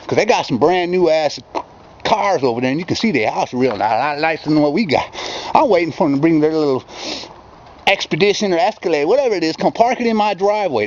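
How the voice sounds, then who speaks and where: A man's voice: on the high side, slight background noise. A man from Michigan rambling and ranting in a casual outdoor vlog, filmed at dusk by a yard fence and campfire. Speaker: vlogger. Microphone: handheld camera. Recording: dull lo-fi camcorder audio with faint outdoor ambience.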